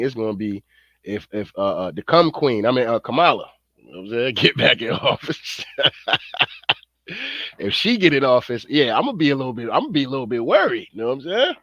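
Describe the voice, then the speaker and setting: A man's voice: medium pitch, fairly bright tone, no echo, highs cut off. A man doing profane reaction commentary, slangy, rambling and fired-up. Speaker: online commentator.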